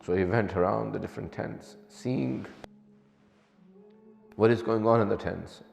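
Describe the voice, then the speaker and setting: A man preaching an emotional sermon as a story, his voice climbing high and slowing down at the most moving points. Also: gravelly, darkish tone. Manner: impassioned, voice climbing high on emotional quotes, slows for emphasis. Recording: echoey hall with long reverb, faint music.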